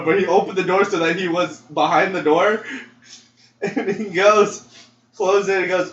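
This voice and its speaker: High-voiced man telling a story. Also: moderate pace. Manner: animated storyteller acting out quotes, laughing often. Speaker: podcast co-host. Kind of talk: casual storytelling chat. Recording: roomy, distant, dull lo-fi mic with faint noise.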